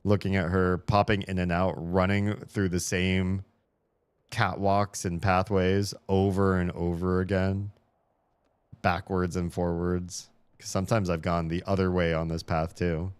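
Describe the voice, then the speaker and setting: A man giving live, rambling commentary while playing a puzzle game, mocking himself and swearing when stuck, then breaking into high excited shouts when something works. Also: unhurried, clean tone. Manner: bursts into high excited shouts at small wins.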